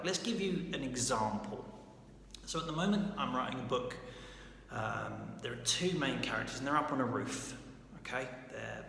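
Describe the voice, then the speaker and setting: A man's voice: mid-range voice, gravelly, pushed and bright. A man giving a casual writing lesson, speaking informally and often checking in with "right?". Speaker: writer giving writing advice. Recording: echoey room with long reverb, faint background noise.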